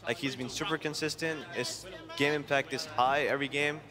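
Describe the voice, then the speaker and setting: A man's voice: mid-range voice, steady tone, moderate pace. A man working as an esports analyst on a panel, speaking casually with many fillers.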